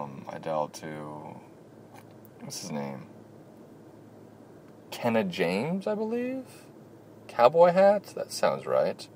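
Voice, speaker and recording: Deep-voiced man talking while driving. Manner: rambling, with many fillers and restarts. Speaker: vlogger and former poker dealer. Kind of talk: casual storytelling rant. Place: inside a car while driving. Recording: loud car and road noise.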